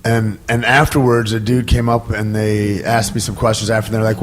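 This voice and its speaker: A man hosting a podcast, talking in a reflective, rambling way with lots of halting restarts. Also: fairly low pitch, little pitch movement, a little hiss or hum. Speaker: podcast host. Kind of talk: casual conversation.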